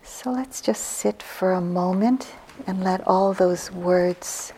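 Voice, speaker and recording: A woman in her sixties, a meditation teacher giving a gentle, reflective dharma talk on retreat, her phrases trailing off softly. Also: fairly low pitch, a little hiss or hum. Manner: slow, gentle, reflective storytelling with soft breathy trailing phrases.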